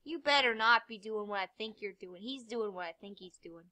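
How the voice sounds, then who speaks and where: A woman's voice: medium pitch, brisk, sharp tone. A young woman giving rambling, self-mocking let's-play commentary, swearing freely, with sudden yelps and muttered asides. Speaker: gamer.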